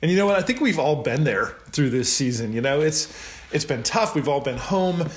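A man's voice: on the high side, lively intonation, normal speed. A middle-aged man hosting a casual podcast interview, upbeat and chatty, teasing his guest. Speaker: podcast host. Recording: roomy echo.

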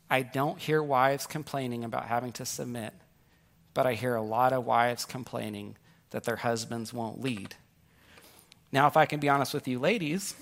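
A man with a somewhat high-pitched voice delivers a sermon as a pastor. He keeps it conversational, cracks jokes and leans on stories to make his point. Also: fairly bright tone. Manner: conversational and joking, tells stories.

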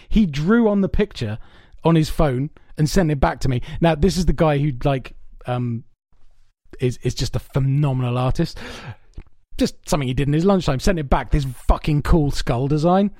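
A man co-hosting a podcast in casual chat, telling long stories in an animated, rambling way with lots of swearing. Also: fairly high pitch, moderate pace, no room sound. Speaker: podcast co-host. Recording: dry, soundproofed home room.

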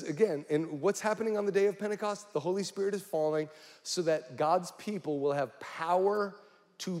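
A man's voice: a little high, darkish tone. A male pastor preaching a sermon, speaking directly to the congregation with frequent questions. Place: church hall. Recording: long hall reverb.

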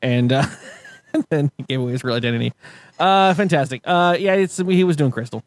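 A man co-hosting a casual podcast, telling stories in a rambling, halting way with frequent laughs. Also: a little high, expressive. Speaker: podcast co-host. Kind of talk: casual chat.

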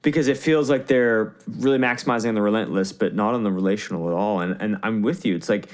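Man asking long rambling questions. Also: fairly low pitch. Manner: halting, rambling questions with many restarts. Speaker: podcast host. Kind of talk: podcast interview.

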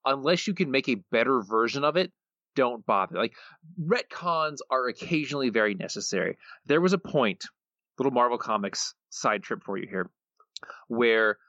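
A man's voice: mid-range voice, lively intonation, normal speed, fairly bright tone, dry recording. Dry, laconic man on dull podcast audio. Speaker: podcast co-host. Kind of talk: casual podcast chat.

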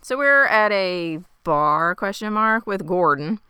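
A woman's voice: medium pitch, lively intonation, slow pace, bright, forceful tone, smooth, no echo, studio quality. A woman co-hosting a podcast, recapping from her notes in a wry, casual way. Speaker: podcast co-host.

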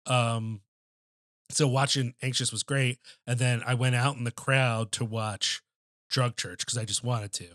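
At a measured pace, a man co-hosting a podcast tells a loose, crude story with plenty of filler words in casual chat. His mid-range voice is fairly bright with fairly even intonation, and the clean studio sound carries no echo.

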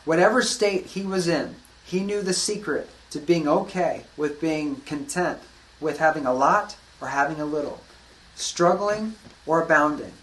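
A man preaching a sermon, earnest, rising to emphatic declarations and dropping to soft, calm passages. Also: fairly high pitch, a little slow, rough recording. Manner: earnest, building to emphatic declarations then softening. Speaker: pastor.

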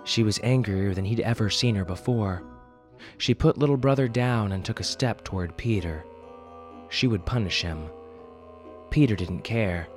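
A man's voice: fairly low pitch, moderate pace, soft background music. A man hosting a fiction podcast who reads a dramatic story aloud expressively, then adds wry casual asides. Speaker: podcast host and story narrator.

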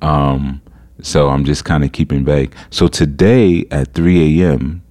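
A man hosting a podcast, telling a story in a casual, animated way, incredulous and laughing at times. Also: extremely low pitch, unhurried. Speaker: podcast host.

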